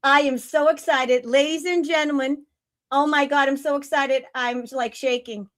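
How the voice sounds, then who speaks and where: A woman hosting her own livestream show, talking in a casual, excitable and blunt way. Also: high-pitched, moderate pace. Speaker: show host.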